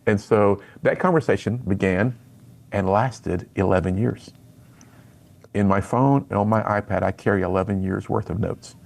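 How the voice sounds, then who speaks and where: A middle-aged man, a guest on a radio interview, telling his personal story in an earnest, animated way and acting out the lines he quotes. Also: fairly low pitch, normal speed, vocal fry. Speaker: radio guest, speaker to students.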